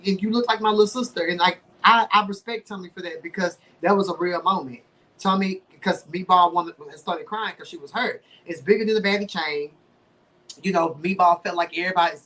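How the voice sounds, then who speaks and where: A man hosting a podcast, recapping a reality show in casual slangy chat with lively swings in pitch and playful sound effects. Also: brisk. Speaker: podcast host.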